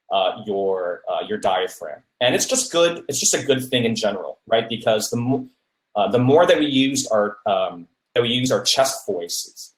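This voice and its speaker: A man hosting a podcast, casually giving public speaking advice and often checking in with "right?". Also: fairly low pitch. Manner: many fillers and restarts, asks "right?" often. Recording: roomy echo.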